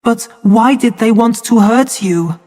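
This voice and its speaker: A man's voice: extremely high pitch, slow pace, darkish tone, pitched above the performer's own voice. A man voicing a frightened, lonely young boy in a read-aloud story, with a pleading delivery. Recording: long hall reverb.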